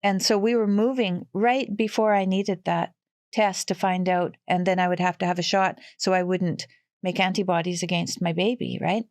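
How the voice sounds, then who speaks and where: A woman in her sixties from western Canada, a podcast guest telling family stories in a lively, animated way. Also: on the low side, moderate pace, no echo, studio quality. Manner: animated, lively storyteller who laughs often. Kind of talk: casual storytelling.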